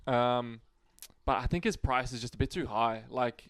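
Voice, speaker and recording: A man's voice: mid-range voice, normal speed, fairly bright tone, dry recording. A man co-hosting a casual sports podcast, laid-back and rambling, swearing freely. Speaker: podcast co-host.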